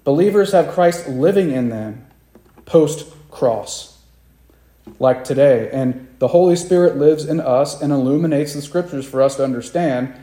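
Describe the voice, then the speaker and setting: A man's voice: on the high side, a little slow, dark tone, echoey room. A man preaching a sermon to a congregation, acting out the quoted disciples with raised, dramatic voices. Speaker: pastor.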